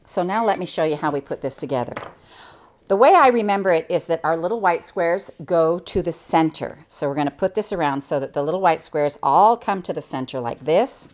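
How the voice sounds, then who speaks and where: A woman's voice: fairly low pitch, animated, brisk, darkish tone. An older woman from the United States, a quilting instructor giving a chatty, cheerful step-by-step demonstration. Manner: chatty, cheerful, enthusiastic about the work. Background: sewing machine.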